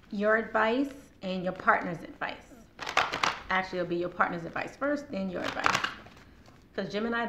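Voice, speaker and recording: A woman's voice: medium pitch, lo-fi sound. A woman doing a casual tarot reading to camera with a sore throat, chatting straight to her viewers and laughing often. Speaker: tarot card reader. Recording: roomy echo, faint background noise.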